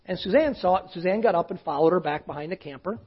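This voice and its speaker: A pastor with a fairly high, husky voice tells a story from the pulpit, casual and conversational, often sinking to a near hush. The recording sounds dull and lo-fi. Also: male voice, fast. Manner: conversational, often dropping to a hushed voice. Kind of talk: sermon storytelling.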